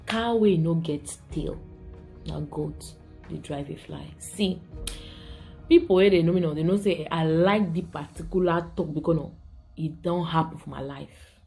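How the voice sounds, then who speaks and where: A Cameroonian woman talks casually to camera in a fairly low voice, with a Cameroonian Pidgin English accent. She is chatty and laughs often, moving back and forth between pidgin and English. Soft music plays faintly behind her. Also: moderate pace, gravelly. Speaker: vlog host.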